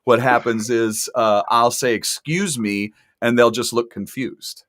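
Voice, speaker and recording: A man from Texas hosts a casual online talk show in an easygoing ramble. His humor is dry enough to pass for serious. His voice sits at a middle pitch and sounds close and dry. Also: flat delivery, unhurried, a bit bright, no echo. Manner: chatty, dry sarcastic humor. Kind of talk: casual chat.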